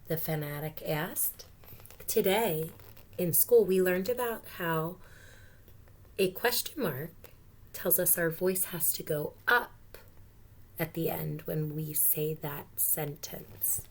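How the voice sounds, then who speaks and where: A woman teacher reads a picture book aloud in a slow, unhurried way, with a lowish voice. She is gentle and stops often to explain words and pose questions to young listeners.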